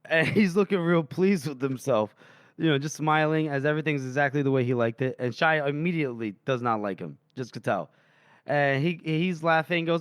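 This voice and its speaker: A man co-hosting a podcast, casually retelling book chapters and quoting the characters in quick asides. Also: medium pitch, smooth, dry recording, studio quality. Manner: retells scenes with quick voiced quotes of characters. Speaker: podcast co-host.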